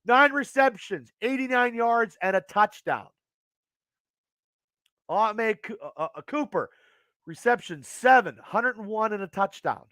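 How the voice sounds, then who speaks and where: Male host at home, high sharp voice, cursing fast in angry outbursts, dry close sound. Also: animated, dry recording. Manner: profane, agitated, fast rants. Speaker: podcast host. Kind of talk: angry sports rant to live chat.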